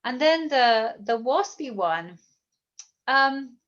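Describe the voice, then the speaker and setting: A woman's voice: high-pitched, lively intonation, takes it slowly, a bit bright, highs cut off. A British woman author answering audience questions in a thoughtful, hesitant way, often repeating words. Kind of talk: bookstore author Q&A.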